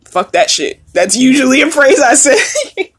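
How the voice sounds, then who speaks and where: A woman's voice: sits high, sing-song, a little slow, a bit bright, slightly rough. A woman hosting a casual solo podcast, chatty and laughing often, swearing freely as she talks. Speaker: podcast host.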